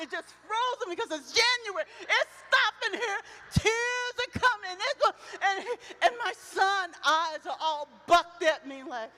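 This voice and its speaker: A middle-aged woman preaching at a women's retreat, telling personal stories with passion, swinging between loud outcries and soft reflective lines. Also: extremely high pitch, expressive, unhurried. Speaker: retreat speaker. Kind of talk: emotional sermon with personal storytelling. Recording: long reverb of a large hall.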